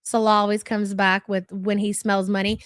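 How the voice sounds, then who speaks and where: A woman's voice: medium pitch, flat delivery, normal speed, no echo, clean studio sound. A middle-aged woman hosting a casual live stream, chatting in a gossipy way and reading viewer comments aloud.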